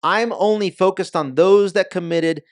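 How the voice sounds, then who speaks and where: A man's voice: high voice, normal speed, no room sound, clean studio sound. A man talking as a podcast guest in a casual interview, with an emphatic, punchy delivery.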